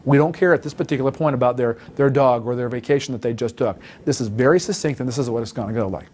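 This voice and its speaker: Fast-talking, emphatic male sales coach. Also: mid-range voice, darkish tone, a little hiss or hum. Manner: emphatic, coaching, acts out phone calls. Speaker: sales trainer. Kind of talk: instructional talk.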